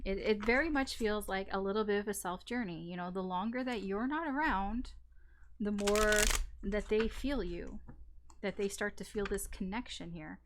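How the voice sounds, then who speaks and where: A woman doing a tarot reading in a loose, conversational way. Her voice sits at an ordinary middle pitch. She wanders through her points with lots of fillers, restarts and the occasional curse. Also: normal speed, background noise. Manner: chatty and rambling, full of fillers, restarts and casual swearing. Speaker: tarot reader.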